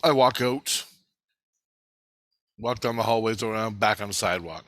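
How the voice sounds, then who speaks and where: A man's voice: on the low side, moderate pace, a bit bright, dry recording. A man casually retelling a dream to his viewers, rambling and repeating himself, swearing freely. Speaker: video blogger.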